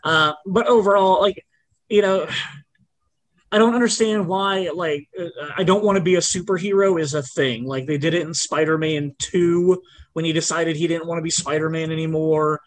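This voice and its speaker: A man's voice: a little high, fairly even intonation, moderate pace. A man hosting a podcast, talking in a rambling, blunt way with frequent restarts. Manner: rambling, blunt, self-correcting. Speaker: podcast host. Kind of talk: casual chat.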